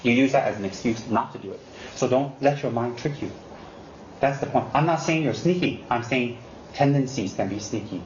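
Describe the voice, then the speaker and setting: A man giving an unscripted Buddhist dharma talk to students, animated and teasing, mimicking excuses and repeating emphatic warnings. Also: mid-range voice, normal speed. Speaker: Buddhist teacher. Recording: roomy, dull lo-fi recording with faint hiss.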